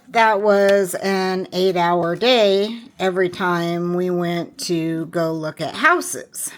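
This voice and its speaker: A woman chatting casually to her viewers while working on her planner, rambling along with many fillers and restarts. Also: mid-range voice. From Washington State, US. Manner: slow, unhurried talk. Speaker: planner vlogger.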